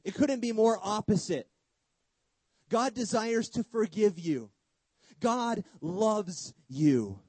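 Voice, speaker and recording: A man preaching a sermon with emphatic delivery, rhetorical questions, sudden hushed drops and casual humorous asides. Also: sits high, no echo, rough recording.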